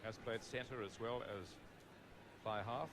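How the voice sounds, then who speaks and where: A middle-aged man with a mid-range voice gives slow live play-by-play for a rugby match over background noise. He stays calm for background facts and rises to excited calls at the big moments.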